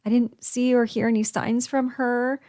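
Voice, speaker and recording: A woman's voice: a little high, level tone, moderate pace, mellow. Emotional woman podcast host. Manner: emotional, on the verge of tears; heartfelt with many restarts and fillers. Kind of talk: personal storytelling.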